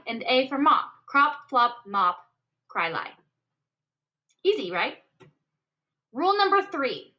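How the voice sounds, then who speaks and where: A woman explaining a poetry lesson in an upbeat way, counting out syllables slowly and stressing each word. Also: a little high, pushed and bright. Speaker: teacher. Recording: dull lo-fi recording.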